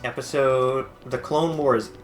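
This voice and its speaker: A man's voice: mid-range voice, steady tone, takes it slowly, faint music behind. Brief: young guy gamer, dry teasing banter, plain mid voice. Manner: blunt, teasing, swears casually. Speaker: let's play co-host. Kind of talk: casual gaming commentary.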